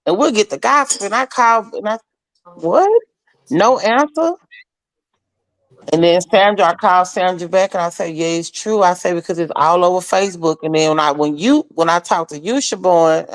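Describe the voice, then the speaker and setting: A woman with a fairly low voice tells stories in an animated, conversational way, jumping into other people's voices as she goes. The sound is dry and close, with no room echo. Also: moderate pace. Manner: animated storyteller, acts out quoted voices. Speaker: friend sharing memories. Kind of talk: casual conversation.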